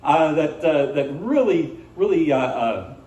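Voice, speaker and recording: Man, stand-up comic, rambling, fairly high voice, roomy distant mic. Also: big pitch swings, a little slow, darkish tone. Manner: rambling, many restarts and fillers. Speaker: stand-up comedian. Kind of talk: live stand-up comedy. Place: small cafe venue, indoors.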